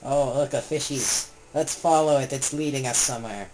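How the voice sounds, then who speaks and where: A sarcastic young hero, as a man voices him in a fan video-game parody, tossing off deadpan asides at a middle pitch. The home recording carries steady background hiss and noise. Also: normal speed, close to an everyday voice. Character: young male hero, sarcastic and easily scared.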